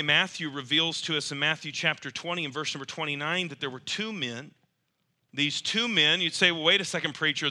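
A male preacher delivering a sermon in a high voice. His tone is very bright and sharp. He talks in an animated way, acting out the people in his story and climbing toward near shouts.

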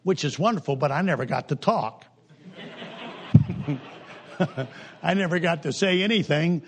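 Joking older preacher, slightly high voice. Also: male voice, unhurried. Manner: folksy, joking, with sudden jumps in pitch and pace. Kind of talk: humorous sermon.

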